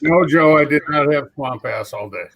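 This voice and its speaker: A man's voice: a little high, normal speed, muffled recording, a crowd in the background. A man co-hosting a casual live-stream chat, reading out chat comments in a dry, matter-of-fact, teasing way.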